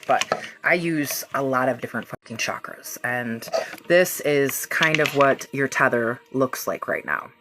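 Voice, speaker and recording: A woman's voice: extremely low pitch, noisy background. A woman hosting a casual energy-healing livestream, effusive and affectionate with her viewers, and swearing freely as she talks. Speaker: reiki practitioner hosting a livestream.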